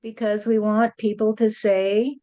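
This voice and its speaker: A woman's voice: mid-range voice, flat delivery, unhurried, mellow, lo-fi sound. A woman channeling a spirit and speaking as God, blunt and lecturing, often adding "you see".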